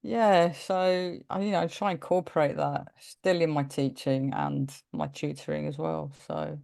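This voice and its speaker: A woman's voice: deep voice, a little slow, gravelly. A woman, a primary teacher of Greek descent, telling stories in a casual interview and acting out the dialogue. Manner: animated storyteller, acts out quoted dialogue, laughs often. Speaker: guest teacher.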